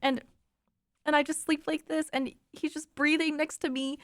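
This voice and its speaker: A woman's voice: sits high, level tone, normal speed. A young woman streaming, chatting casually with her viewers, giggly and cooing baby talk to her dog.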